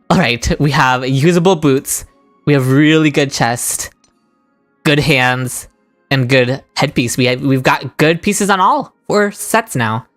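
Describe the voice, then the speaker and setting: A woman with a low, fairly bright voice streams a game live, chatting with her viewers and shrieking with delight whenever a roll goes her way. She's a gaming streamer doing live commentary into a desk microphone.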